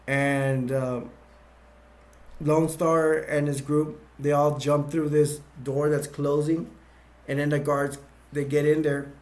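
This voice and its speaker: A man with a slightly raised voice walks through a film's plot scene by scene. He rambles, restarting sentences and filling gaps with ums as he goes. It sounds like an informal retelling. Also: a little high. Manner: rambling, many restarts and fillers. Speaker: movie reviewer.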